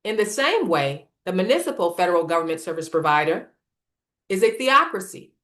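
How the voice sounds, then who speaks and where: A woman presenting a scripted political lecture in a measured, emphatic reading style. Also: fairly low pitch, very animated, a bit bright. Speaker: series presenter.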